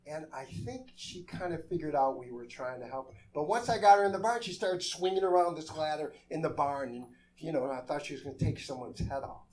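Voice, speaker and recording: A man telling a comic story live on a theater stage, animated and exasperated, acting out the voices in his tale. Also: a little high, fairly quick, few pauses. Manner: animated, exasperated, acts out quotes.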